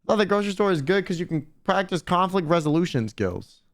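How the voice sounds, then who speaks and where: A man's voice: sits high, fast. Young guy streamer ranting to chat, swears a ton, voice jumps all over the place. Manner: slangy, blunt, animated, swears a lot.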